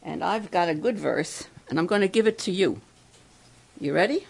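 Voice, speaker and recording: A woman giving a devotional talk to campers and adults, asking the crowd questions and slowing down to stress key words. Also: fairly low pitch, creaky, slightly rough, low-quality recording. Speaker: camp speaker.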